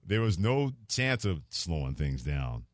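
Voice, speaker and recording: A man's voice: deep voice, big pitch swings, measured pace, dry recording, clean studio sound. A middle-aged man hosting a sports radio talk show, telling stories animatedly and laughing easily. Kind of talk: casual radio chat. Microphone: studio microphone.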